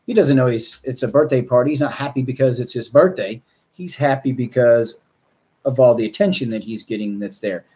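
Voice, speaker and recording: A man's voice: mid-range voice, normal speed, mellow. A man, a dog trainer, talking casually to viewers in a rambling, blunt way with mild swearing.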